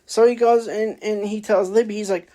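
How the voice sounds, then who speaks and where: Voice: medium pitch, steady tone, moderate pace, mellow. Casual book-review host, rambling delivery, lots of fillers and self-corrections. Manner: rambling, many fillers and restarts; acts out characters' lines in a raised voice. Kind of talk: casual spoken book review, retelling the plot.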